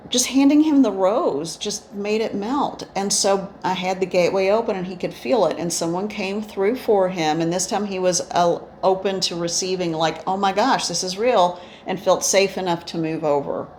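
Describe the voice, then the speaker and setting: A woman's voice: mid-range voice, darkish tone, a little hiss or hum. A woman medium telling her experiences in a rambling, reflective way, with many restarts. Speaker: spiritual medium. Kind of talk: instructional storytelling. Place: indoors, eyes often closed while talking.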